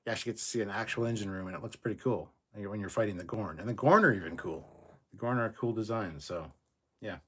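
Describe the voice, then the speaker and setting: A man's voice: lowish voice, quick pace, breathy edge. A middle-aged man hosting a livestream, reading viewer comments aloud in a casual, loose way and swearing freely. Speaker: livestream host reading chat. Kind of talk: casual live chat reading.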